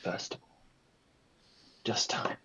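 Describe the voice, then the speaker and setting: A man voicing a grim male adventurer in a tabletop game, speaking in a hushed, solemn way. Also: slow, rough recording. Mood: somber.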